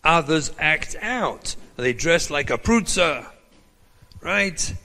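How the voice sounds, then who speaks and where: This rabbi's lecture is full of stories, whose dialogue he acts out with lively animation. He speaks slowly at a fairly high pitch, and the sound carries the feel of a big room.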